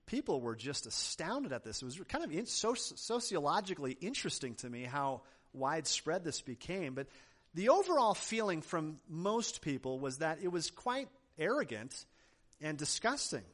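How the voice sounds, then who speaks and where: A male pastor delivers a sermon with a lively, swooping delivery that rises and falls through each point. He hammers ideas home with repeated phrases, then drops into easygoing asides to the congregation. His voice sits a bit high for a man. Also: moderate pace. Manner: emphatic preaching with repeated phrases; conversational asides.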